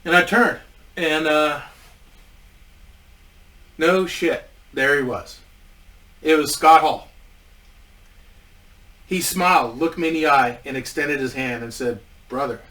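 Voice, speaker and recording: Man, rambling casual storytelling, bright higher voice, a bit far from the mic. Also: slow, long pauses. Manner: rambling with many restarts and swearing. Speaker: indie wrestler telling a story.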